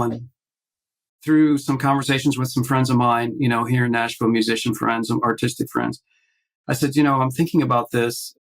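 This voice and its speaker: A man's voice: medium pitch, vocal fry, poor audio. A man guest on a video call, telling a personal story in casual conversation and acting out the voices in it. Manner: animated storyteller acting out quotes, many restarts. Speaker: podcast guest, artist.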